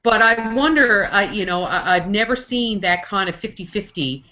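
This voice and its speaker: A woman's voice: medium pitch, expressive, normal speed, crowd noise. Emphatic woman panelist explaining over a dull web call. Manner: emphatic, repeats herself. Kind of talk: casual panel chat. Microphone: video call.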